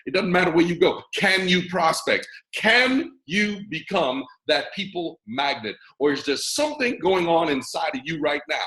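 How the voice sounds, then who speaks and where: An American man hosting a network marketing mentoring call, talking in a lively, preacher-like way and teasing his audience over a video call. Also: on the high side, echoey room, rough recording. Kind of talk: motivational talk on a video call.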